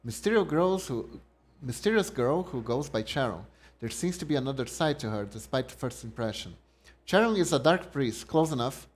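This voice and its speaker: A young man streaming a game, musing to himself and reading the game text aloud. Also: medium pitch. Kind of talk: casual game commentary. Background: faint game music.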